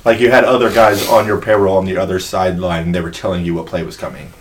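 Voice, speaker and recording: A man in a casual sports chat, joking and mimicking people in quick bursts. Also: low voice, little pitch movement.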